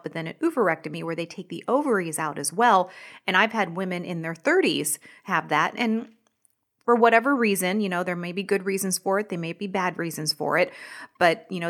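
Lower-voiced woman, chatty podcast host. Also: fairly bright tone. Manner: conversational, frequent "you know". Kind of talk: casual health podcast talk.

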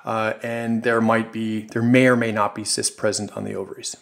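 A man with a low, gravelly voice co-hosts a health podcast. He speaks in a flat, even tone and pauses often with fillers. He talks in a measured, clinical way. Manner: halting, filler-heavy, agreeing. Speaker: podcast co-host, health practitioner. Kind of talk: casual health podcast discussion.

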